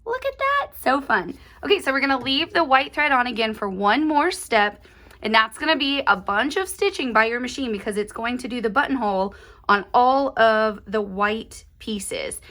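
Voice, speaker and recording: A woman with a lilt walks through a craft lesson in a friendly, chatty way. Her voice sits a little high, and she gushes and laughs easily over each finished step, like a host talking straight to her club members. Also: animated, moderate pace, sharp tone. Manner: cheerful and gushing, laughs often. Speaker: embroidery tutorial host.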